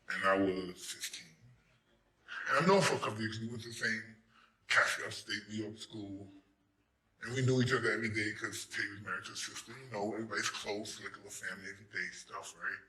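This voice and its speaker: A man telling a profane, animated story live to an audience, joking with the crowd. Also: lowish voice, fairly quick, a little hiss or hum. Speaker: stage storyteller. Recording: roomy hall echo.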